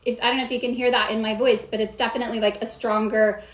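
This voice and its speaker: A woman's voice: fairly high pitch, little pitch movement, quick pace. Upbeat woman vocal coach, echoey room. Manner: upbeat, explains while demonstrating sounds. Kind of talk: singing lesson explanation.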